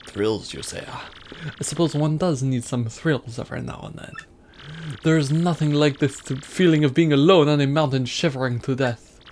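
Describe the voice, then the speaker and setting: A man with a fairly high, darkish voice, close to his everyday sound, plays a grandiose, vain rich trader in a let's play, using an exaggerated fake French accent. He speaks at normal speed with a theatrical flair, and a little hiss or hum is audible.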